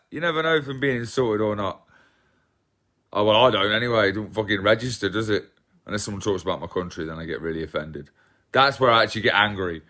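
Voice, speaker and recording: Brief: male streamer, low-ish voice, loose and rambling, reads comments aloud. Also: fairly quick, fairly bright tone. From England. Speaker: livestream host. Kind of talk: casual livestream chat.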